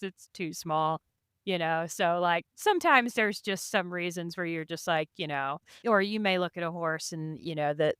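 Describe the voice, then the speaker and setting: Chatty woman guest, low-ish, very smooth clear tone, laughs often. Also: fairly bright tone, no room sound, clean studio sound. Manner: chatty, laughing, full of "you know" and "like". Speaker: podcast guest, endurance race rider. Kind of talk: casual interview storytelling.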